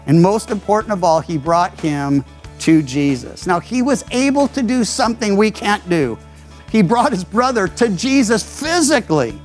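An older man, a pastor, preaching a radio sermon and telling stories, jumping into higher voices when he quotes people. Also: normal speed, faint music behind. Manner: animated storyteller, voices quotes with leaps in pitch.

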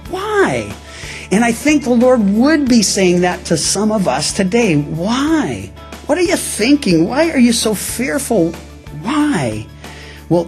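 A male pastor preaching a sermon in an animated way, with pauses and restarts. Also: high voice, husky.

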